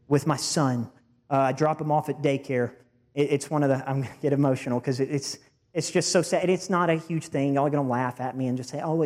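A man's voice: medium pitch, darkish tone. A man in his thirties, a pastor preaching a heartfelt sermon and speaking earnestly to the congregation in a church. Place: church sanctuary. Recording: reverberant church hall.

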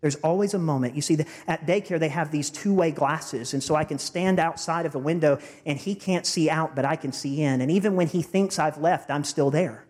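A man's voice: fairly high pitch, normal speed, few pauses, a little mellow. A man in his thirties, a pastor preaching a heartfelt sermon and speaking earnestly to the congregation in a church. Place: church sanctuary. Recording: reverberant church hall.

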